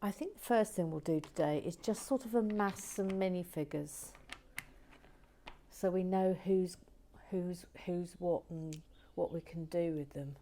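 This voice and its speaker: A woman's voice: on the low side, a little slow, mellow, slight background noise. A woman hosting a vlog, chatting casually while building with bricks and often dropping into whispered asides. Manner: muttering with frequent whispered asides. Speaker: vlog host.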